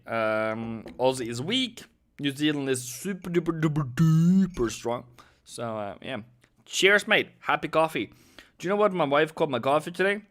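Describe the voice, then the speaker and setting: A man's voice: a little high, fairly bright tone. Chatty man streaming live trades. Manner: chatty, rambling, talks to viewers by name. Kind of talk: casual live-stream commentary.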